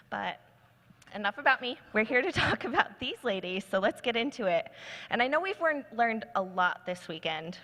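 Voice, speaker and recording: A woman's voice: medium pitch, a bit bright. A woman moderating a conference panel in an upbeat, welcoming way. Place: large conference hall. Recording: long hall reverb.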